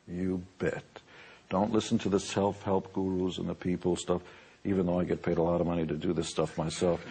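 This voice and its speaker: Deep husky boastful older man. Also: darkish tone. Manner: boastful, joking, emphatic. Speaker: musician and entrepreneur. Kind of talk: motivational talk.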